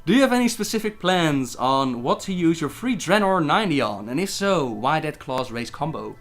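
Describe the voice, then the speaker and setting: A man on a casual livestream who reads viewer questions aloud and answers them in a chatty, relaxed way. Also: mid-range voice. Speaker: gaming lore livestreamer.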